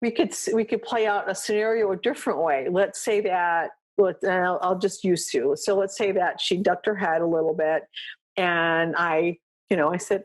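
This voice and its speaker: Here a woman with a husky, expressive mid-range voice talks at a normal speed while hosting a dog training podcast. Describing a coaching session casually, she acts out quick exchanges with her dog and checks in with "right?" and "you know what I mean?"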